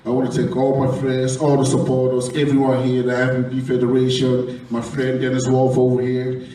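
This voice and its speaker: A man's voice: medium pitch, completely flat delivery, moderate pace, warm tone. A man, a bodybuilding competitor, giving emotional and rambling press conference answers, swearing freely. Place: large echoey hall at a press conference. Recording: echoey room recorded from far off, crowd noise. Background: crowd murmur and laughter.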